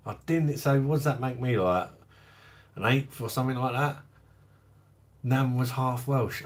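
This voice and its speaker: A man's voice: medium pitch, slow, pauses often. A man hosting a casual livestream, chatting in a jokey way, laughing often and reading out and answering viewer comments. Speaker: livestream host of a beer review channel.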